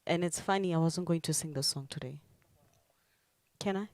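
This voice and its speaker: A woman, a singer and speaker, chatting casually to a live audience in a drawn-out way. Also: low-pitched, a little mellow, dry recording.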